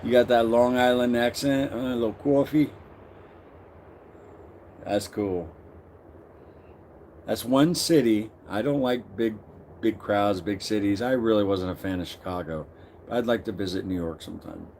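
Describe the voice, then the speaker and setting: A man's voice: fairly low pitch, normal speed, darkish tone, a little hiss or hum. A middle-aged man hosting a casual live stream, greeting viewers by name and reading their comments aloud.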